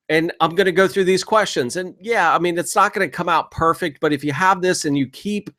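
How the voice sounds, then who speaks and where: Guy with a kinda high voice doing a laid-back software tutorial, coaching folks on calling sellers. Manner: casual, coaching, acts out sample phone lines. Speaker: software trainer and real estate investor. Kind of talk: screen-share software tutorial.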